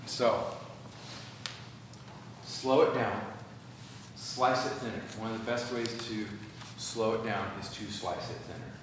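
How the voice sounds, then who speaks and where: A man's voice: fairly low pitch, slow, long pauses. Man teaching in an echoey hall. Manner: animated, acts out quoted dialogue. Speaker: workshop speaker. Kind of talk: church workshop talk. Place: church hall. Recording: echoey hall from far off, noisy.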